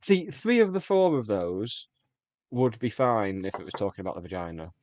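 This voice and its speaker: Animated man with lively swoops. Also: lowish voice, moderate pace, dry recording. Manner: animated, mimics crude voices. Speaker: podcast co-host. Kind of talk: casual comedic chat.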